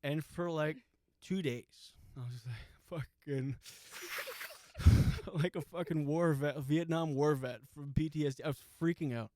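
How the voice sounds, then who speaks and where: Podcast host, man, forties, casual and profane storyteller, slightly high voice, dry close sound. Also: measured pace, darkish tone, no room sound. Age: 40s. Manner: profane, laughs through his own story.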